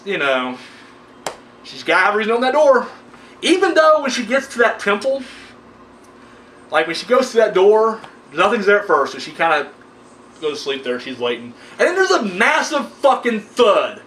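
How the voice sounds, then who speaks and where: Man, very high voice, lively, sarcastic, cursing, faint hum behind. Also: far from the mic. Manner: animated, sarcastic, swears a lot. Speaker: horror movie reviewer. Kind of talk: casual profane movie rant. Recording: roomy echo, a little off-mic, faint background hum.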